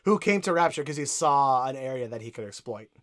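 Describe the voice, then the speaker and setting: A man's voice: mid-range voice, animated, a little fast, a bit bright. A man co-hosting a casual podcast, eager and rambling, often searching for words. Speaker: podcast co-host.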